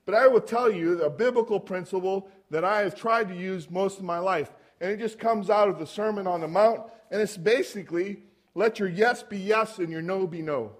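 A man with a notably high voice preaching in a relaxed, conversational way. He tells stories and keeps turning to the congregation with rhetorical questions. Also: normal speed. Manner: storytelling, asks the audience rhetorical questions. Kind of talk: conversational sermon.

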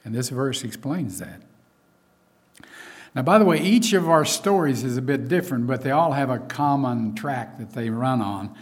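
A man's voice: mid-range voice, lively intonation, moderate pace. A man preaching a sermon in a conversational way, with frequent asides and fillers.

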